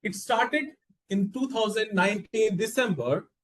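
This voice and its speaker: A man delivering an animated prepared speech at a club meeting. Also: high-pitched, unhurried, reverberant, far from the mic. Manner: animated storytelling. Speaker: club speaker.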